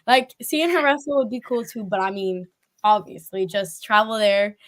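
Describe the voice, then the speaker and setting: A woman's voice: medium pitch, moderate pace. A woman hosting a casual interview, chatty and rambling with lots of fillers and laughter.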